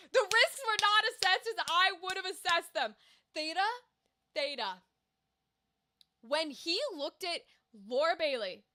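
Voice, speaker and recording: A woman streamer chatting casually with her viewers, animated and profane, quick to exclaim. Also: high voice. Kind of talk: casual livestream chat.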